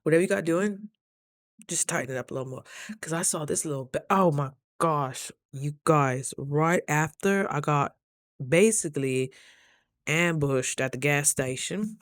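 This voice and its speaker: A woman vlogger from Idaho chatting casually to camera, telling stories with animated, loud quoted asides. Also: low-pitched, a little slow, no room sound, studio quality.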